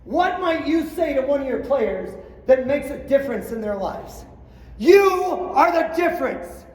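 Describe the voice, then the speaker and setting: A middle-aged man giving a motivational storytelling talk to coaches, acting out quotes and swinging from quiet asides to shouting. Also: extremely high pitch, animated, moderate pace. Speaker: coach clinic speaker. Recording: roomy hall, distant mic, faint ambience.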